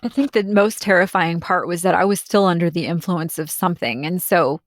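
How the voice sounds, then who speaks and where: A woman's voice: on the low side, brisk, dry recording, studio quality. A woman recounting a frightening personal experience in an interview, speaking earnestly and with emotion, often quoting what others said. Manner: earnest, emotional storytelling with quoted dialogue. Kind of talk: conversational personal account.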